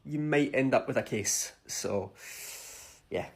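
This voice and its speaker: A Scottish man from Scotland telling casual, animated stories to the camera, swearing freely and full of cheeky banter. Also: mid-range voice, takes it slowly, a little hiss or hum. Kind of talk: casual storytime vlog.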